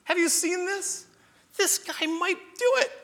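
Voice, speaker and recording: A man voicing God as a jubilant male figure who is eager to forgive, speaking in an ecstatic, drawn-out way. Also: very high-pitched, a bit bright, pitched above the performer's own voice, exaggerated voice. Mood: overjoyed.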